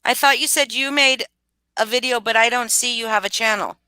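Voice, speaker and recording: Bright, smooth-voiced sarcastic host woman. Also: on the high side, steady tone, a little fast, dry recording. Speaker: livestream host. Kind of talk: casual panel chat. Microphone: video call.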